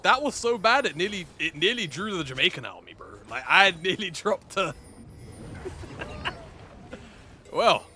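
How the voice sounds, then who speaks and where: A man giving joking, animated color commentary as an esports caster. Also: sits high, a little fast, hardly any pauses. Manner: joking, animated, breaks into laughter.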